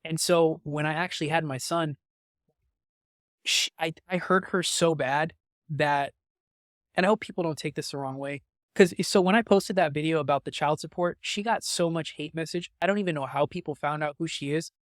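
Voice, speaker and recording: A man in his twenties, a podcast guest, telling a candid personal story in a halting, emotional way with lots of fillers and restarts. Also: on the high side, no room sound, studio quality. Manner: emotional, openly moved.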